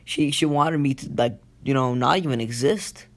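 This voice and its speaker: A man's voice: medium pitch, normal speed, close to an everyday voice. A man voicing a blunt young male ninja in a spoken fan story.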